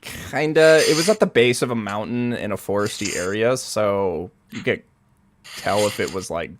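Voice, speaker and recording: A man's voice: on the low side, moderate pace, a little hiss or hum. A young man narrating as game master, loose and rambling, often laughing.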